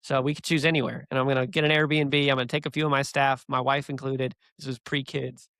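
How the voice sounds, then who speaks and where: A man guesting on a business podcast, telling stories in an animated, energetic way on a close mic. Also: mid-range voice, quick pace, no echo. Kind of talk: casual podcast conversation and storytelling.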